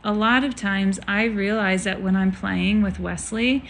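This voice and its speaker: A woman in her thirties chatting casually as a co-host, telling stories with animated energy. She acts out what others said as she goes. A faint noise floor sits under her voice. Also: medium pitch, a little slow, vocal fry. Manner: animated storyteller, acts out quotes with laughter. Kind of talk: casual chat.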